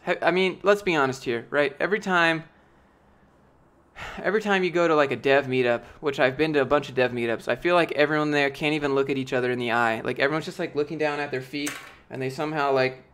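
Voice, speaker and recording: A man's voice: medium pitch, fairly bright tone, clear, resonant tone. Rambling, profane young man streaming. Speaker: streamer answering chat. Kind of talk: casual live-stream chat.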